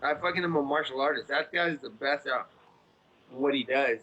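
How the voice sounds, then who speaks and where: A man's voice: mid-range voice, normal speed, bright, forceful tone, highs cut off. A man in his thirties giving a casual interview, talking in a blunt, profane, rambling way. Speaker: interview guest.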